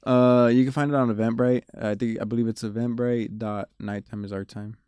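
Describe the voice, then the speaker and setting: Young male musician guest, relaxed storyteller, mid-pitched, crisp close-mic sound. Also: fairly quick, no room sound, muffled recording. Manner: laid-back storyteller, laughs and swears often. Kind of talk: casual interview chat.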